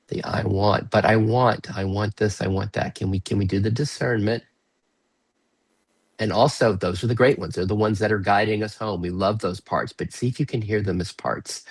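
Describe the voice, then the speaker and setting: A man leading an online workshop over a video call, asking slow, gentle, inviting questions and now and then breaking into playful bursts. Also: fairly low pitch, slightly rough, no room sound, poor audio. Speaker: workshop facilitator. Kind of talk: guided reflective workshop talk.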